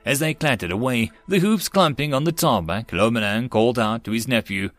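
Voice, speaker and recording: A man narrating a science-fiction web novel as an audiobook in a steady storytelling read. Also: mid-range voice, fairly quick, hardly any pauses, no room sound, soft background music. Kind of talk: scripted narration.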